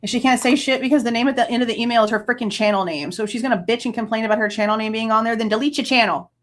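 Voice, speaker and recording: A woman's voice: on the high side, steady tone, very fast, slight background noise. A woman, hosting a true crime livestream, ranting angrily, swearing and laughing between outbursts. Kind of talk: casual livestream rant.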